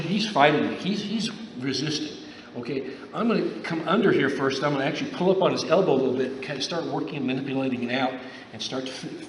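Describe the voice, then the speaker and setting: A man coaching a grappling class on the mat, in a loose, repetitive style that keeps checking in with his students. His voice sits at an ordinary pitch. It is picked up from across an echoey gym with a long reverb tail and a faint hiss underneath. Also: far from the mic. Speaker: judo instructor.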